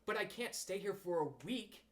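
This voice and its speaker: A man's voice: high voice, lively intonation, normal speed, fairly bright tone, pitched above the performer's own voice. A man voicing a greedy, simple-hearted teddy bear in a storybook reading, plaintive and easily flustered. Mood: gloomy.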